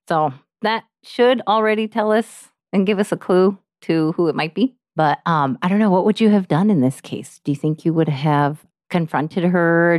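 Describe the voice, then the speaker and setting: A woman's voice: deep voice, darkish tone, no echo, clean studio sound. Laughing, blunt woman co-host. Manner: laughs often, blunt and joking. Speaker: podcast co-host. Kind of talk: casual true-crime chat.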